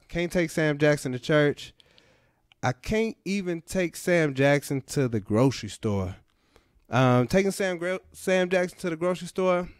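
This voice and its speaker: A man hosts a radio podcast and delivers a comedic monologue. He tells his stories in an easygoing way and repeats his punchlines. His voice is smooth and resonant, heard dry and close on a studio microphone. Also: a little high, dry recording. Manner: laid-back storytelling, repeating punchlines.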